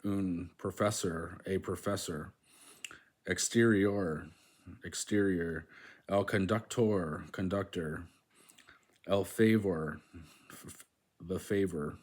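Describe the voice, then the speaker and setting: A deep-voiced man walks through a language textbook on his channel, reading aloud in a casual, halting way. His pitch stays flat and level. He fills pauses with ums and says practice words more than once. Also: slightly rough. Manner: hesitant, many "um"s, repeats words to practice them. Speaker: host of a language-learning channel. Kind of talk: casual self-study walkthrough, reading aloud from a book.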